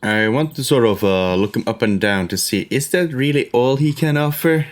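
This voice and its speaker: A man's voice: medium pitch, normal speed. A man playing a tabletop game, talking casually and thinking aloud. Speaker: player.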